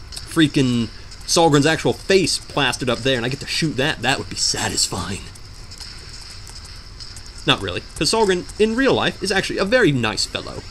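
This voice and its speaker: While gaming, a young man offers rambling, joking let's play commentary full of melodramatic outbursts. His voice is mid-range, with slight background noise in the clip.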